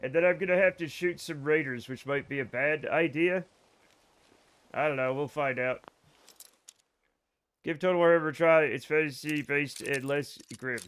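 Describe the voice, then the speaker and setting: A man's voice: a little high, normal speed, long pauses, fairly bright tone, clear, resonant tone. A man streaming a video game live, chatting casually with viewers in a rambling, joking way and swearing freely. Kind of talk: casual let's-play chat with viewers.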